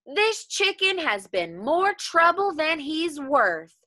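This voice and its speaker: A woman's voice: medium pitch, sing-song, slow pace, pushed and bright, no echo, heavily acted. A woman reading aloud as an angry palace cook who is sick of the trouble a chicken has caused. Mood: exasperated. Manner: exasperated, complaining.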